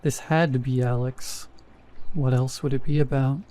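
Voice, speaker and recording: A man's voice: medium pitch, fairly even intonation, normal speed, warm tone, close to an everyday voice. A man voicing a frightened young woman who speaks in a shaky, wary way. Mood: uneasy.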